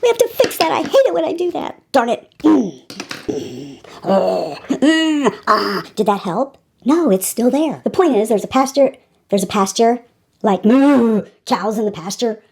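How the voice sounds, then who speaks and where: Playful woman vlogger, high lively voice. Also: normal speed, vocal fry, slightly rough. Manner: playful and silly, makes goofy sounds. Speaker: beauty vlogger. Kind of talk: casual chat.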